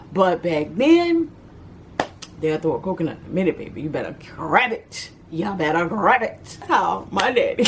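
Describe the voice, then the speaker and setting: A woman telling a childhood story in a casual storytime vlog, animated and quick to act out the voices of the people in it. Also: on the low side, background noise. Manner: animated, acts out voices and shouts.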